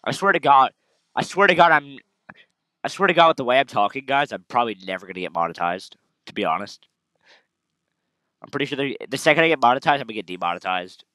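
A man's voice: medium pitch, sing-song, fast talker, pushed and bright, no room sound, clean studio sound. A man hosting a let's play, swearing and ranting crudely while he plays. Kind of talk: casual game commentary.

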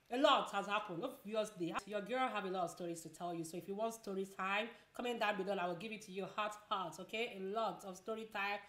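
A woman's voice: medium pitch, fast talker, few pauses, a bit bright. A woman from Nigeria chatting casually in a home vlog while eating, repeating words for emphasis. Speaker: vlogger. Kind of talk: casual mukbang vlog chat. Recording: echoey room.

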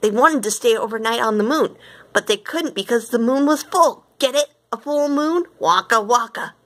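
A woman's voice: fairly high pitch, expressive, a bit bright, pitched above the performer's own voice. A woman voicing a jokey male bear comedian who rattles off a punchline eagerly. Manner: quick, eager joke-telling.

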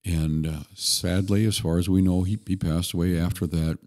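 A man guest on a podcast, telling stories in an earnest, relaxed way with occasional restarts. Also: deep voice, normal speed. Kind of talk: conversational storytelling.

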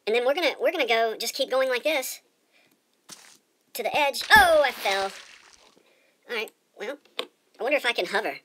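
A woman's voice: fairly high pitch, expressive, fairly quick, pauses often, pushed and bright, a little hiss or hum. A woman giving casual let's-play commentary as she plays, chatty and rambling, often repeating her words. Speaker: gamer.

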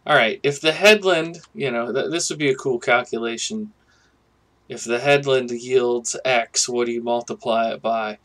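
A man hosting a casual gameplay commentary, musing and thinking aloud in a relaxed way. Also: mid-range voice, moderate pace. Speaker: gaming channel host.

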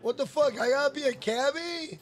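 A man's voice: very high voice, a little fast. A young man giving casual let's play commentary, profane, hot-tempered and rambling as he reacts to the game. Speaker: gaming streamer. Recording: steady background noise.

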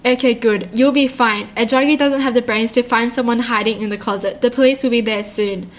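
A worried young man tries to calm a friend over text, urgent and reassuring, with a woman reading his lines. The voice stays high and light. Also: a little fast, natural voice.

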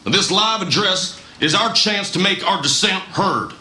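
A scheming, conspiratorial senator played by a man in a comedy sketch. He talks in a fairly high, lively voice and keeps giggling as he persuades. It is a replayed clip with echo and background noise. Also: unhurried, heavily acted. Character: scheming male senator rallying colleagues. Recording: sketch replayed in an echoey, noisy room.

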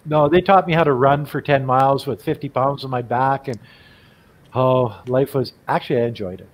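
An older man from Canada chats in a folksy, joking way. His voice sits in an ordinary middle pitch. He talks casually with friends on a group call. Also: normal speed. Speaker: guest. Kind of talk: casual chat.

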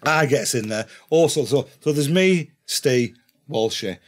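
This English man, a guest on a podcast, has a medium-pitched voice and takes his time. His rowdy tale comes out in relaxed conversation, peppered with profanity and laughter as he animatedly relives it.

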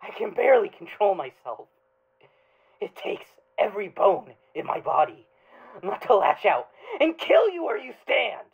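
A man's voice: sits high, huge pitch swings, measured pace, gravelly, slightly rough, heavily acted. A man playing an unhinged, self-pitying online stalker in a comedy skit, whiny one moment and menacing the next. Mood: seething. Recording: dull lo-fi audio clip.

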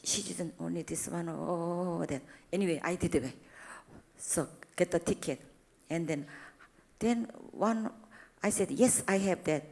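Korean-accented woman preacher, middle-aged, broken English, lively storytelling sermon. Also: on the low side. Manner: broken English, animated retelling of dialogue. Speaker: church speaker. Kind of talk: sermon with anecdotes.

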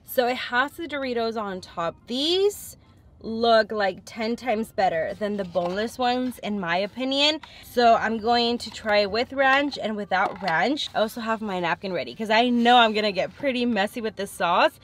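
A woman's voice: a little high, normal speed. Chatty young woman reviewing spicy wings. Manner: chatty, frank, thinks aloud between bites. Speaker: food vlogger. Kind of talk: casual eating review vlog.

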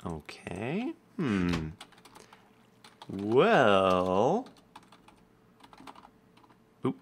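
A man's voice: mid-range voice, big pitch swings, drawn-out words, pauses often. Chatty man narrating his gameplay. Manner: chatty, reacts aloud with laughs and exclamations. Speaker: host, video game player. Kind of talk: casual gameplay commentary.

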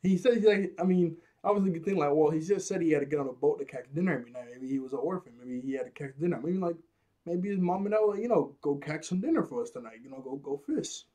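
Mellow man rambling in casual commentary. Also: on the high side, fast talker. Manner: rambling, laughs often at his own jokes. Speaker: anime episode reviewer.

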